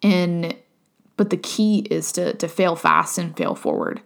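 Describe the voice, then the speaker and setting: A woman with a slightly low voice hosts a solo podcast. She speaks casually and candidly, in an earnest way, often checking in with tag questions. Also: sing-song, unhurried, creaky. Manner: candid and earnest, frequent "right?" and "um", some swearing. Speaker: podcast host.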